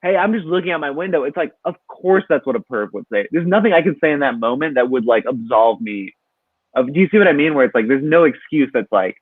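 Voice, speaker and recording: A man's voice: mid-range voice, lively intonation, fairly quick, husky, no room sound. Anxious rambling man on a tinny line. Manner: anxious, rambling, lots of fillers. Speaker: guest asking for advice. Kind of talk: casual comedic advice chat. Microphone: video call. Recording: tinny phone-like dry line.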